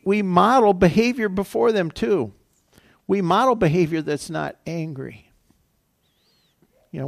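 A man's voice: a little high, vocal fry, no echo, studio quality. An older man preaching a sermon as pastor, telling a personal story in a conversational way with frequent restarts. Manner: conversational, storytelling with self-corrections.

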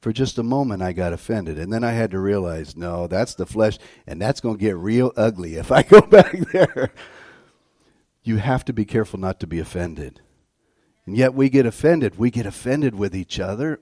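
A man preaching a sermon as a guest pastor, telling stories and swinging from quiet asides to loud outbursts. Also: lowish voice, no room sound, studio quality. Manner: animated storytelling, swings from soft to loud.

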